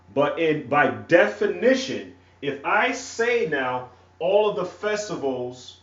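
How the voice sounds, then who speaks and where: A man's voice: a little high, a bit bright, distant mic. A man with a country North Carolina twang teaches a religious lesson. He speaks in stop-start phrases and checks in with his listeners. His voice comes from off-mic in an echoey room, and the sound is dull and lo-fi. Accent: rural North Carolina. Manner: halting and repetitive, checks in with "all right?". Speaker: ministry teacher. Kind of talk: teaching a religious lesson while writing on a board.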